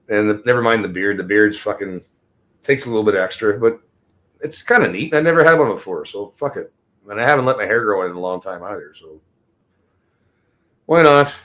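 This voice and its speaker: A man's voice: lowish voice, fairly bright tone. A man ranting casually and bluntly on a livestream, swearing often and drifting from topic to topic. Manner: profane, rambling and blunt. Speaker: livestream host.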